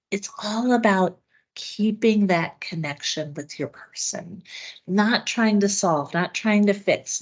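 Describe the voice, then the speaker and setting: A woman's voice: mid-range voice, darkish tone, muffled recording. A woman hosting an online family education session, explaining care techniques in an earnest, conversational way with frequent filler words over a video call. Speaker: webinar host and dementia care educator. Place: home or office on a video call.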